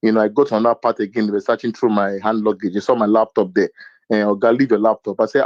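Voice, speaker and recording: A man from Nigeria tells a personal story in relaxed conversation, leaning on "you know" and acting out the voices of the people in it. The sound is dull and lo-fi, with a dry, close feel. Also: fairly low pitch, fast, no echo. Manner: animated anecdote-telling with many fillers and acted quotes. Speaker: podcast co-host. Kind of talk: casual storytelling chat.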